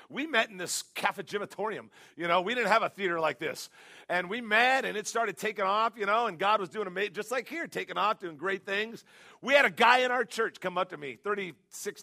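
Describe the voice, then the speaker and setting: A middle-aged male pastor preaching a sermon, telling a story in a punchy, excitable way and sometimes bursting into shouts. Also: high-pitched, creaky.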